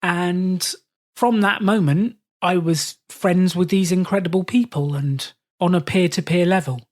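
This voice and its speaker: A British man, a podcast host, telling stories in a relaxed interview and acting out the voices of people he quotes. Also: on the high side. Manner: animated, acts out quoted voices. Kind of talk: storytelling in casual conversation.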